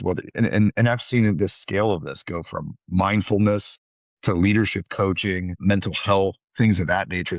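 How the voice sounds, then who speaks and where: A very deep, gravelly male voice talks in a reflective, unhurried way, often circling back to restart a thought. The sound is close and dry. The audio is dull and muffled, lo-fi. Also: dry recording. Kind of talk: conversational interview.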